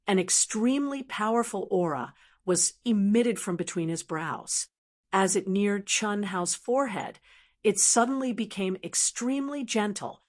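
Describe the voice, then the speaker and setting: A woman narrating a fantasy audiobook in a steady, even storytelling manner. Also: mid-range voice. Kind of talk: scripted narration.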